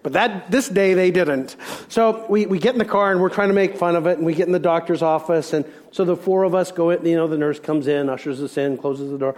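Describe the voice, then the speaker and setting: Middle-aged pastor guy preaching, kinda high voice, punchy questions then goes quiet and soft. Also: brisk. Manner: emphatic preaching with rhetorical questions, dropping soft for reflection. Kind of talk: sermon.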